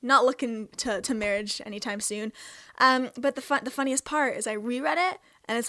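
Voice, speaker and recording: A woman's voice: fairly high pitch, moderate pace, sharp tone, no echo, clean studio sound. A Canadian woman in her twenties hosting a casual question-and-answer vlog, chatty and self-amused. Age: 20s. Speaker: host.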